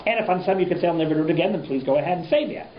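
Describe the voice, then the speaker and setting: A man teaching a rabbi's class to students, lively and full of rhetorical questions. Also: fairly high pitch, very fast, slight background noise. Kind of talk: informal Torah lecture. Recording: echoey room, dull lo-fi sound.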